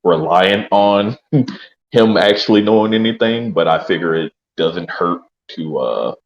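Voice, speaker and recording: Very deep, slow-talking male gamer. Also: lively intonation, highs cut off. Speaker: player in a tabletop game. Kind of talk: casual in-character chat.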